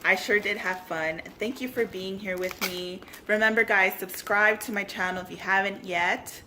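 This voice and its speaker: A woman vlogging a casual craft tutorial, gushing and bubbly, at times dropping to soft whispers. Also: mid-range voice, steady tone, moderate pace, slight background noise.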